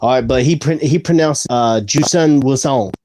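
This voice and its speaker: Brief: male stream guest, mellow dark tone, halting speech full of restarts. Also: medium pitch, no echo. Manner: halting, repeats words while searching for them. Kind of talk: casual chat.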